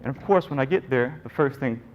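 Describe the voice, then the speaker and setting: A man's voice: medium pitch, fairly quick, lo-fi sound, a little hiss or hum. A middle-aged man, a nurse entrepreneur giving a conference talk and telling his story with jokes and acted-out voices. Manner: animated storyteller, jokey, acts out quoted people.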